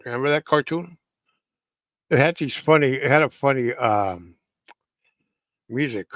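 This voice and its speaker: A man's voice: mid-range voice, expressive, normal speed, pauses often, a bit bright, no room sound. A man chatting casually to camera in a rambling, hesitant way with many fillers.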